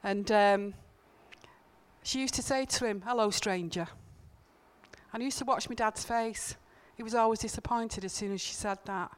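Earnest woman preaching with a smooth voice. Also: a little high, steady tone, normal speed. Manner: earnest, conversational, emphatic repetitions. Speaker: church speaker. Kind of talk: informal sermon with personal stories. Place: church.

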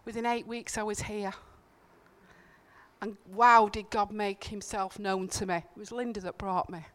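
Woman preacher, smooth clear tone, chatty earnest sermon in church, leans on repetition. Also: mid-range voice, fairly even intonation, measured pace, a bit bright. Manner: earnest, conversational, emphatic repetitions. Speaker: church speaker. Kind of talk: informal sermon with personal stories.

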